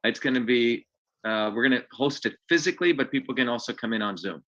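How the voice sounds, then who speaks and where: A man's voice: medium pitch, expressive, quick pace, fairly bright tone, dull audio. A man hosting a live online open house, talking bluntly and rambling from point to point with frequent restarts. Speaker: host.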